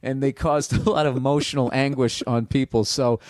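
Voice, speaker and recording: A man telling a long story in a casual podcast chat, rambling and profane, dropping into quick impressions of other people. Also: medium pitch, fairly even intonation, a little mellow, no echo, clean studio sound. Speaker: comedian guest. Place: small home studio.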